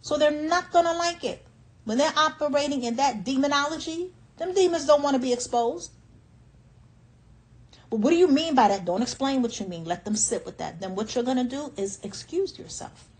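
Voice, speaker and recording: A woman's voice: high voice, animated, a little fast, rough recording. A woman life coach giving motivational advice in a firm, emphatic voice. She drives each point home by repeating her instructions.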